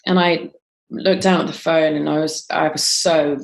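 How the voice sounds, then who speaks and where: Woman guest, low pitch, gravelly fry, hesitant storytelling with ums. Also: steady tone, moderate pace. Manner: frequent ums and restarts, quoting others as she tells it. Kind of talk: conversational interview storytelling.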